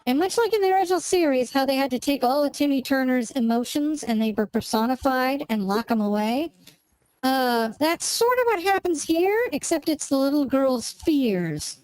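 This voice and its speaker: High-voiced woman gamer, rambling chat. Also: lively intonation, normal speed, darkish tone, dry recording, rough recording. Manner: rambling, searching for words. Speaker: gaming streamer. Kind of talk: casual chat while playing a game.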